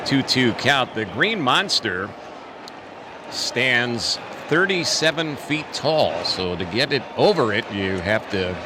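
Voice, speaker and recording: A man calling a baseball game as the play-by-play announcer, steady and informative, reading the count and the sponsor spots. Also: medium pitch, slow pace, background noise. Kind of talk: radio baseball commentary.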